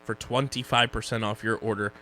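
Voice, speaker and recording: A man with a Philadelphia accent co-hosting a casual podcast, joking and running quickly through plugs and sponsor reads. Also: fairly low pitch, steady tone, pushed and bright, rough recording. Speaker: podcast co-host.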